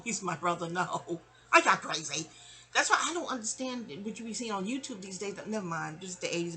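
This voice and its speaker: A woman, telling a casual, rambling family story. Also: mid-range voice. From New York City. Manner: chatty, animated, digressive.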